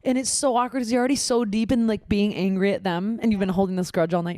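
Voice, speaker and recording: A young woman co-hosting a casual podcast, talking fast and loose and swearing freely. She tells stories animatedly and jumps into the voices of the people she quotes. Her voice sits in an ordinary middle range, recorded close and dry. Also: mid-range voice, steady tone, warm tone, no echo. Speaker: podcast co-host. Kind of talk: casual chat.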